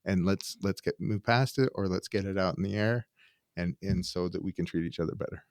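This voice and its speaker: Deep-voiced soft-spoken man. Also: brisk, no echo, clean studio sound. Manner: soft-spoken, says "yeah" often. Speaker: podcast guest. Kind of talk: casual conversational interview.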